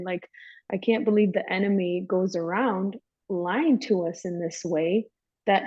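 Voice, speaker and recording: Chatty woman guest, low and dull. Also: a little slow, darkish tone, no room sound. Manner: emphatic, chatty, calls listener "girl". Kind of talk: candid personal storytelling. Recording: dull lo-fi dry sound.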